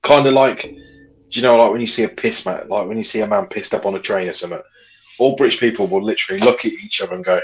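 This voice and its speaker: Brief: lower-voiced male co-host, blunt and sweary, sighs between thoughts. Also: animated, fast talker, vocal fry. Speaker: podcast co-host. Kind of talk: casual chat.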